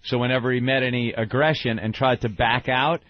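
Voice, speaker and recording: A man hosting a radio show, telling a story in a relaxed, casual way. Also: medium pitch, brisk. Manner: laid-back storyteller. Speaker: radio host. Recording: dull radio broadcast audio.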